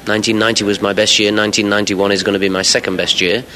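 An English musician in his forties, a guest on a radio interview, rambles cheerfully with fillers and the odd laugh. His slightly low voice is flat in delivery yet rapid-fire, bright and forceful. The low-quality recording carries slight background noise.

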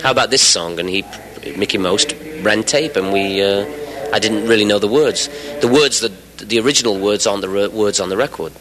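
A man in his forties from England speaks as a radio interview guest. His voice sits a little low, and he rambles cheerfully, with fillers and the odd laugh. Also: steady tone, brisk, a crowd in the background, poor audio. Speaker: musician guest.

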